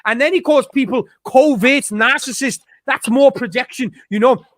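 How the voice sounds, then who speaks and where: A man's voice: very high-pitched, moderate pace, fairly bright tone, no echo. A man hosting a stream, ranting in casual chat, swearing and often restarting his sentences. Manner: rambling, profane, with frequent restarts. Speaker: streamer host.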